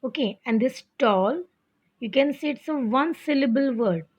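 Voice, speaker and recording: A woman teacher giving a slow, patient grammar lesson to children, often calling them "children" and checking that they understand. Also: sits high, expressive, slightly rough. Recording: dull lo-fi recording.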